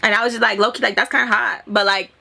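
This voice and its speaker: A young woman in her twenties telling a long, animated storytime, acting out the dialogue and swearing freely. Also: fairly high pitch, fast talker, gravelly, background noise. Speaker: storytelling vlogger. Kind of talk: casual storytime.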